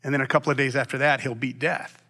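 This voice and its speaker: A man preaching a sermon as pastor, long-winded and animated, with frequent restarts. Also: mid-range voice, quick pace.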